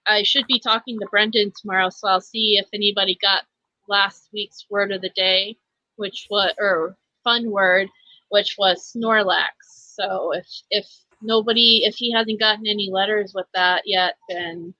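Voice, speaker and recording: A woman's voice: medium pitch, steady tone, a little slow, pushed and bright, dry recording, dull audio. A woman hosting a live stream, chatting casually with plenty of fillers. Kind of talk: casual chat.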